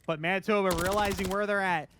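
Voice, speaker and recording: Caster: man, high-pitched, excitable play-by-play over loud gunfire from the game. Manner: fast, excitable, rising in big moments. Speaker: esports caster. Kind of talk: play-by-play commentary. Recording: noisy game audio behind.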